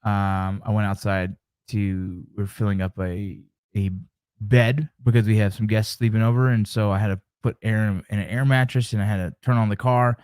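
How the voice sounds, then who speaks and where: A man's voice: lowish voice, fairly even intonation, moderate pace, a little mellow, smooth, no room sound. A man hosting a casual live stream, chatting with viewers, joking and telling stories. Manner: joking, storytelling, reacting to chat.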